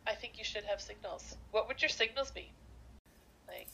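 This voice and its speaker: A woman co-hosting a podcast who laughs often and reacts quickly with teasing questions. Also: medium pitch, creaky, fairly bright tone, slight background noise, rough recording. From Canada. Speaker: podcast co-host. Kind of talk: casual chat.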